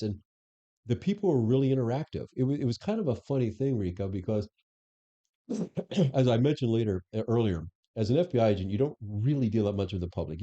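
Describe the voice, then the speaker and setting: Man, low pitch, very warm dark tone, candid anecdotal storytelling, muffled podcast audio. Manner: candid, anecdotal, frequent restarts. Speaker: former police superintendent, guest. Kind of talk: conversational interview storytelling.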